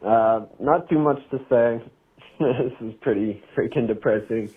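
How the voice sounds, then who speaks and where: A man's voice: medium pitch, slightly rough. A man from Virginia leaves a hesitant voicemail for a sports host, full of ums and uhs. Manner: slow, hesitant, many fillers. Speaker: caller. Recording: tinny phone voicemail.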